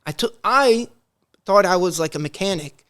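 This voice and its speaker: Podcast guest, male, high voice, animated storyteller who voices everyone in his anecdotes. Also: normal speed. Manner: animated, acts out quoted dialogue; rambling with many restarts. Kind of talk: casual storytelling.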